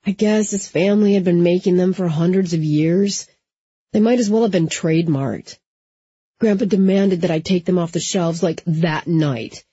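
A woman reading a shaken young man confessing quietly. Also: sits high, moderate pace, husky, no echo. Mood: grim. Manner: quiet, hushed. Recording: dry, slightly dull audiobook recording.

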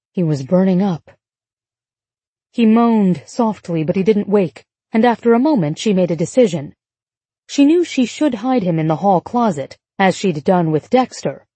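A woman reading an audiobook in a measured, even storytelling manner on a close studio mic. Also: medium pitch, slightly rough, no room sound. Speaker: audiobook narrator. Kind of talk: scripted narration.

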